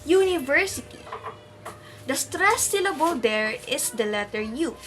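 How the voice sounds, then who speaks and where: Woman, high voice, slow deliberate delivery, faint hiss behind. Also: very animated. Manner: repeats example words slowly and deliberately. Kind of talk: scripted lesson presentation.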